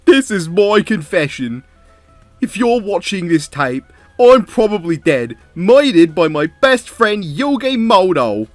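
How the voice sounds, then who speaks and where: Joey Wheeler, a man doing a loud theatrical teen duelist. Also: sits high, big pitch swings, slow, no echo, soft background music, voice pushed up, heavily acted. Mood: dramatic. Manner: put-on accent, loud and theatrical. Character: teenage male card duelist confessing on tape.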